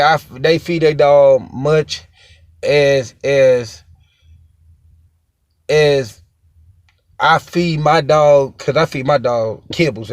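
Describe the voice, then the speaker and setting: A young man talks in a slightly higher register, rambling and repeating himself for emphasis. His casual monologue sounds close and dry, with little room sound. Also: no echo. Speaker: dog owner sharing opinions.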